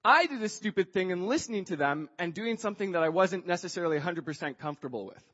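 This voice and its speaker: A man telling a personal story with a moral in a chatty, animated way, acting out what people said and often filling pauses with "like". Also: high voice, slightly rough, long reverb tail, dull audio. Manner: chatty, acts out quoted dialogue, frequent "like" fillers.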